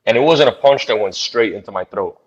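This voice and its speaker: A man, a bare knuckle fighter, telling a fight story in an interview in a blunt, profane, animated way. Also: on the low side, fairly quick, breathy edge, dull audio.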